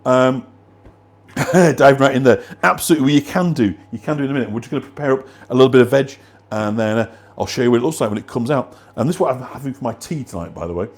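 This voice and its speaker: A man's voice: mid-range voice, lively intonation, racing. A man hosting a live cooking class, rambling casually with fillers while he cooks and answers viewers. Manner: rambling, conversational, many fillers and restarts. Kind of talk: live online cooking demonstration.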